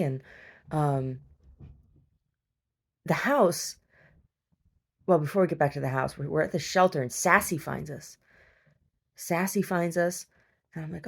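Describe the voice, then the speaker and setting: Low, gravelly woman chatting casually. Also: a little slow, pauses often. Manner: chatty, heavy use of fillers and restarts. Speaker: podcast host. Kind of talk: casual rambling storytelling.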